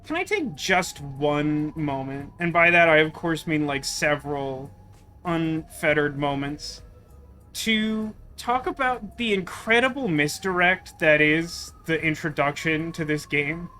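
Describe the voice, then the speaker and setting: A man's voice: a little high, a little slow, pushed and bright, faint music behind. A man streaming a video game, talking in a wry, rambling, sarcastic way in casual let's-play commentary.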